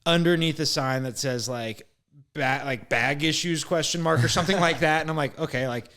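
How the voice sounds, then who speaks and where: Animated young man telling a story. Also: on the high side, normal speed. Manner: animated storyteller, swears freely, acts out exchanges. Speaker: podcast co-host. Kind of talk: casual storytelling chat.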